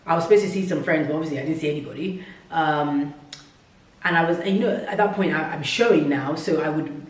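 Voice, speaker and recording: A woman's voice: low-pitched, distant mic. A woman chatting to camera as a vlogger, rambling and thinking aloud, tired and breathing heavily. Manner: rambling, self-reflective, chatty. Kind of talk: casual chat to camera. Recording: roomy echo, mic set back.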